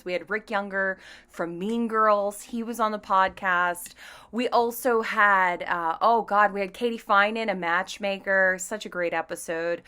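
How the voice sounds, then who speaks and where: Bright, bubbly woman podcast host. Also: medium pitch, smooth. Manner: bubbly, chatty, playful. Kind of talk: casual solo podcast chat.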